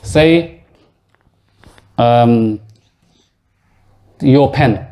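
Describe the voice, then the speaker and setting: This Arabic teacher speaks at a normal middle pitch, extremely slowly and in a mellow tone, while leading a grammar class in a mosque classroom. He walks through each point patiently, repeats every word, and stops along the way to quiz the students.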